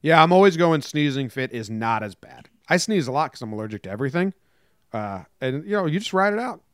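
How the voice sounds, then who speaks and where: A man hosting a sports podcast, chatting casually with dry, quick asides and some hedging. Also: on the high side, big pitch swings, a bit bright, no room sound. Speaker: podcast host.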